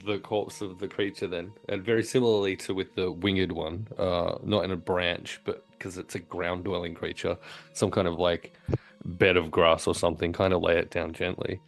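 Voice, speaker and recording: A man playing his character in a tabletop role-playing game, playful and quick to laugh. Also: deep voice, flat delivery, soft background music. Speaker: player.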